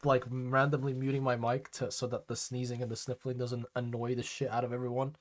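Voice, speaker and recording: A man's voice: medium pitch, level tone, brisk. A man hosting a live stream podcast, chatting casually and crudely with friends while sick with a cold. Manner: crude, joking, swears a lot.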